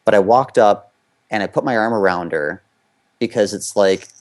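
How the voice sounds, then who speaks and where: A man's voice: on the low side, normal speed. A man from the United States, an interview guest and former competitive skater, telling a candid personal story in loose, conversational run-on sentences full of fillers.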